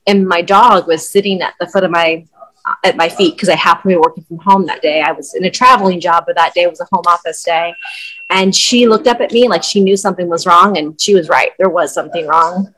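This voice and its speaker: A woman's voice: fairly low pitch, fairly quick, a bit bright, low-quality recording. Candid middle-aged woman telling her story. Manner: candid, conversational, with fillers. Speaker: guest, wellness coach. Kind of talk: personal storytelling in interview.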